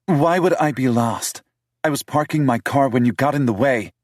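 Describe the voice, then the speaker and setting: A man's voice: mid-range voice, normal speed, dry recording, clean studio sound, voice pushed up, natural voice. Man voicing a huffy young city woman. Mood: indignant. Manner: sharp, defensive retorts. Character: prickly young city businesswoman, indignant and stubborn.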